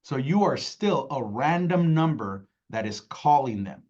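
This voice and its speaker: A man's voice: mid-range voice, unhurried, highs cut off. Casual man coaching sales calls. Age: adult with young kids. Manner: energetic, acts out calls in quoted voices, keeps asking "right?". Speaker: sales trainer. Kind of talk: casual sales training talk.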